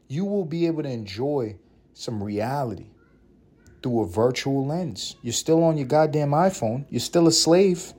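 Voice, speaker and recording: A man hosting a solo podcast, ranting about basketball in a profane, opinionated, animated way. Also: fairly high pitch, measured pace, husky. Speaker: podcast host.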